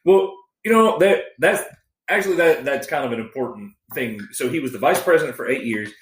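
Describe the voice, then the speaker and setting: Texan male podcast co-host, fired-up profane rant, mid-pitch voice, roomy echo. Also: fairly quick. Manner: animated, profane, many restarts. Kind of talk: casual political rant.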